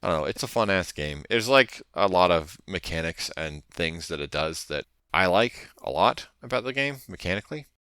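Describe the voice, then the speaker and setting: Deep-voiced, profane podcast guy. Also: lively intonation, normal speed, few pauses, bright, forceful tone, clean tone, no room sound. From Canada. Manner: rambling, profane, laughs often. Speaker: podcast co-host. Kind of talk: casual chat.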